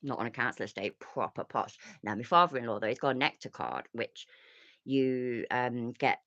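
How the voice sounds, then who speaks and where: A woman's voice: extremely low pitch, expressive, normal speed, fairly bright tone, no room sound, lo-fi sound. A woman hosting a casual livestream chat, ranting and swearing freely. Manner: ranty, sweary, chatty. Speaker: host.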